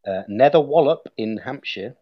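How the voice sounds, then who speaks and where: A man's voice: mid-range voice, expressive, moderate pace, no echo, dull audio. A man in his twenties co-hosting a casual podcast, laughing as he reads out a list. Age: 20s. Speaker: podcast co-host. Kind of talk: casual chat.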